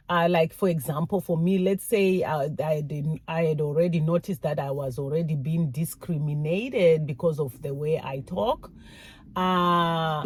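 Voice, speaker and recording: Soft-spoken African woman, dry sound. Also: lowish voice, dry recording. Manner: candid, laughs, restarts, acts out mocking voices. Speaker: vlogger. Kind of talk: casual talk to camera.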